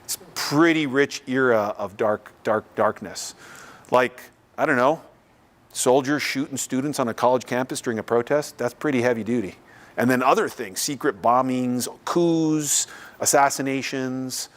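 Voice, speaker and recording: A man talks loosely and conversationally to a room as a visiting artist. He speaks in a mid-range voice, casual and unscripted, with quick asides. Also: mid-range voice. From Canada. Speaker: visiting artist giving a lecture. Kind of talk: casual lecture and Q&A. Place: lecture room.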